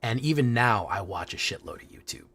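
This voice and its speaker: A man's voice: mid-range voice, expressive, brisk, a bit bright, a little hiss or hum. A man streaming a card game, chatting casually with his viewers, swearing freely and often restarting his sentences. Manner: casual and profane, restarts a lot. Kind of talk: casual livestream chat.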